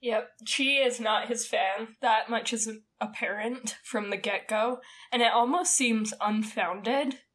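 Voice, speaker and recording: A woman's voice: fairly high pitch, takes it slowly, hardly any pauses, fairly bright tone. A woman co-hosting a podcast, giving frank, wry opinions in casual chat. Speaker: podcast co-host.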